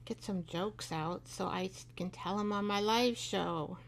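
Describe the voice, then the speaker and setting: A middle-aged woman chats through a live craft tutorial at an unhurried pace. Her voice has a gravelly edge, and she wanders off into stories, laughs easily and coos at her work. A faint hiss sits under the recording. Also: mid-range voice. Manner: chatty, rambling, laughs often, talks to her craft. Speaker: craft show host.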